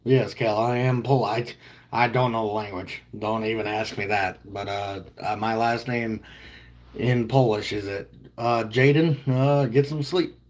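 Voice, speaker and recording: A man's voice: on the low side, steady tone, a little slow. 30-something guy on a stream, rambly and jokey, just reading chat and answering. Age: 30s. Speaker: livestreamer. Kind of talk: casual chat with viewers.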